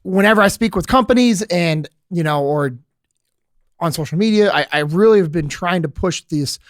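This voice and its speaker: A man speaking as a podcast guest, earnest and steady, with frequent filler words. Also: high voice, normal speed, no echo, clean studio sound. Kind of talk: casual podcast chat.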